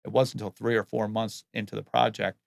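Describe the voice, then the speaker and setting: A man's voice: lowish voice, little pitch movement, a little fast, gravelly, no room sound, studio quality. A man who builds and remodels homes, answering interview questions in a plain, earnest way and often restarting his words.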